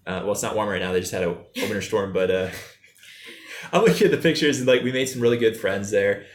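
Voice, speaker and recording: Young man, travel vlogger, relaxed and easygoing, lower voice, echoey room. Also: fast talker. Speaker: travel vlogger answering viewer questions. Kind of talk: casual chat.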